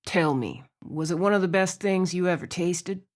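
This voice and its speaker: A woman's voice: lowish voice, moderate pace, close to an everyday voice. A woman narrator voicing a teasing, confident male rancher with a flirtatious manner in an audiobook.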